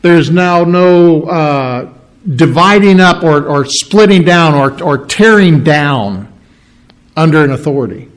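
A man's voice: fairly high pitch, lively intonation, a little slow. A man preaching a sermon, explaining scripture earnestly, often repeating and restarting words as he works through a point. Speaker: pastor.

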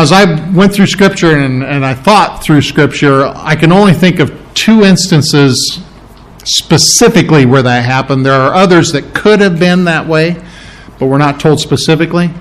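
A pastor preaching a sermon, teaching conversationally, asking the congregation questions and restarting phrases as he thinks aloud. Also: a little high. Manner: restarts and repeats words while thinking aloud.

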